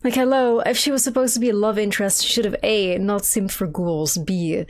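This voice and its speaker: A woman's voice: medium pitch, fairly quick. A young woman giving casual, profane commentary while playing a video game, rambling and incredulous. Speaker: game streamer.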